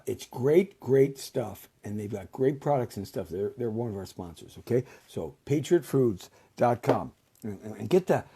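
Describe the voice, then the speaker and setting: A show host, a man of middle pitch, talks loosely and plugs sponsors like a salesman. He repeats himself often and stumbles through restarts as he goes. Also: dark tone, breathy edge. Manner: rambling, repetitive, salesman-like.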